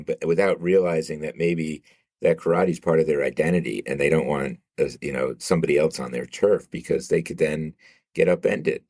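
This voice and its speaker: A man's voice: extremely low pitch, normal speed, darkish tone, no echo, studio quality. A man speaking as a guest expert on a podcast, giving thoughtful answers that he often restarts with "uh" and "you know". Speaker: guest expert, sibling researcher. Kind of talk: interview answers.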